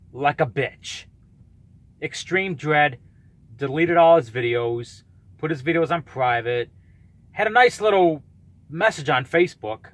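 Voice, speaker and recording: A man in his thirties with a fairly high voice, ranting bluntly on his vlog. He sounds combative and swears freely. The recording is dry and close, with no room sound. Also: fairly bright tone, no echo. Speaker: YouTuber calling out a rival.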